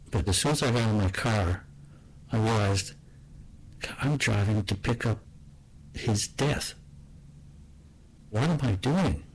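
A man quietly telling a personal story in a soft, reflective, low-key way. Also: breathy edge, low-quality recording.

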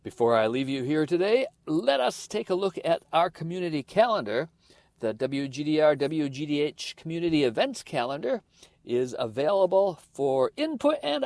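A man's voice: fairly high pitch, a little mellow, no room sound. A man hosting community radio, reading out event announcements in a chatty, informal way. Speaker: radio host.

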